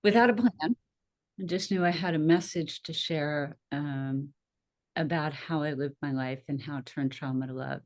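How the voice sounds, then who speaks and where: A middle-aged woman, a nurse and minister, telling her story as a podcast guest in a chatty, expressive way with frequent laughs. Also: sits low, moderate pace. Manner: chatty and expressive, laughs often, acts out her own past reactions. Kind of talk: casual interview storytelling.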